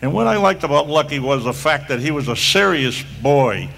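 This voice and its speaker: A man's voice: a little high, animated, moderate pace, vocal fry, a bit bright, a little hiss or hum. An older man giving a rambling, anecdotal speech at a hall of fame induction, full of restarts and asides. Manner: rambling storyteller with frequent restarts.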